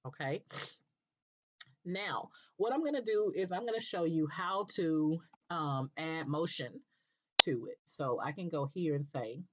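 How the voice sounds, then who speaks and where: A woman with a notably low voice talks through a software tutorial, patient and methodical, pausing to check in with listeners. The recording sounds dull and lo-fi, like a basic desktop mic. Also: a little hiss or hum. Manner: patient step-by-step explaining, frequent "okay" checks. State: coughing now and then.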